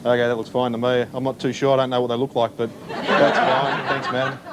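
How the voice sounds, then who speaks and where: A man's voice: medium pitch, flat delivery, a little fast, heavy background noise. An Australian man doing a prank comedy bit as a mock-official parking attendant, teasing passers-by in a car park. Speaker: comedy segment presenter posing as parking attendant.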